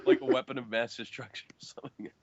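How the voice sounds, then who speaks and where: A man's voice: medium pitch, very animated, fast talker, a little mellow, dry recording. A man co-hosting a podcast, laid-back and teasing in casual chat. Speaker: podcast co-host. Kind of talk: wrestling review podcast chat. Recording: dull lo-fi podcast audio.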